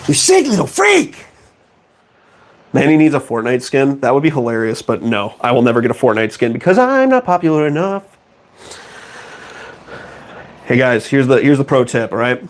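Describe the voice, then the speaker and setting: A man's voice: medium pitch, animated, fairly quick, long pauses. A young man chatting casually on a stream, joking and self-mocking as he rambles on. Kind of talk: casual live-stream chat.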